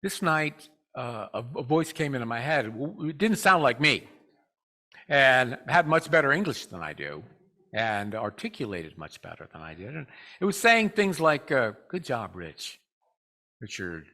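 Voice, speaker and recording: Addressing a spiritual community on a Sunday, a man shares a personal story in a relaxed, rambling manner, speaking directly to the congregation. He pauses frequently on "uh," and his pitch is medium.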